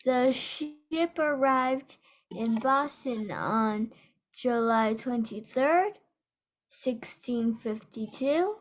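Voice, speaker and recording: A woman's voice: a little high, animated, very slow. A woman student reading a textbook aloud in an online class, careful and stumbling now and then, heard over a video call.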